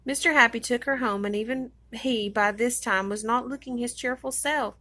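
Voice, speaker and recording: A woman reading a children's storybook aloud in an expressive way. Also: on the high side, moderate pace.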